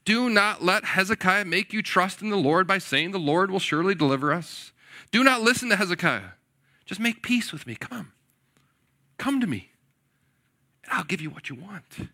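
A man voicing a boastful, menacing male envoy of a conquering king, loudly taunting and coaxing his listeners. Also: high-pitched, lively intonation, moderate pace, pitched above the performer's own voice, heavily acted.

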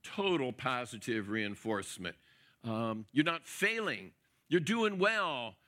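Male preacher, expository sermon, emphatic repetition, bright tone. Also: medium pitch, sing-song, slow. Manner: emphatic, repeats words for stress; encouraging, coach-like.

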